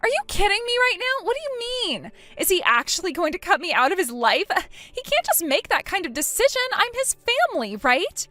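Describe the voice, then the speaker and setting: A spiteful young sister of the groom , played by a woman, taunts and whines in a high, very lively voice. The sound is dry and close. Faint music runs beneath. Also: a little fast, few pauses, no echo, exaggerated voice. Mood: pleading indignant. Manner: mocking, whiny, petulant. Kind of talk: voiced text-story drama.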